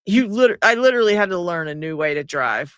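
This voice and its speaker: A man hosts a livestream in easy conversation, laughing often as he reads out comments. His voice sits high and bright. The sound is dry and close. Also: expressive, a little fast, clear, resonant tone, dry recording. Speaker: livestream host. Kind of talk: casual chat.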